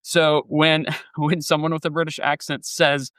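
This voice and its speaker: A man co-hosting a music podcast in casual chat, enthusiastic and quick to laugh, reading song lyrics aloud and musing on them. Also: fairly high pitch, flat delivery, a bit bright, clear, resonant tone, dry recording. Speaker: podcast co-host.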